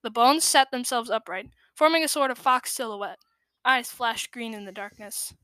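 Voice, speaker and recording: A woman reading a children's storybook aloud, measured and expressive, sometimes dropping to a hush. Her voice is a little high. The sound is close and dry. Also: clean tone, no room sound. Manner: expressive, measured, dips into hushed tones. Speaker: storybook reader. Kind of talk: scripted narration of a children's story.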